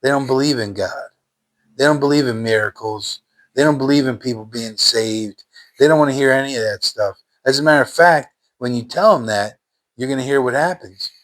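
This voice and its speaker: A man's voice: mid-range voice, fairly quick, fairly bright tone. A man telling his personal faith testimony in a fervent, emphatic way, repeating phrases in casual everyday speech.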